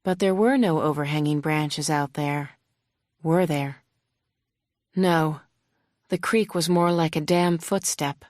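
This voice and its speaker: A woman reading a novel aloud in the first person, emotive, slowing and hushing for tense moments. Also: fairly low pitch, dry recording, studio quality. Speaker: audiobook narrator.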